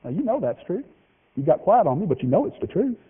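A man preaching a folksy, joking sermon, with lively swings in pitch. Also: fast talker, husky. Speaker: pastor. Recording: tinny phone-like radio broadcast of a hall.

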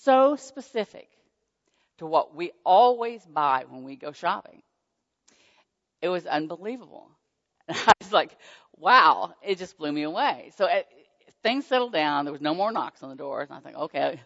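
A woman telling a personal faith testimony in an animated storytelling manner. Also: low-pitched, moderate pace. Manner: animated storytelling, squealing excited quotes. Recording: dull muffled sound with long hall reverb.

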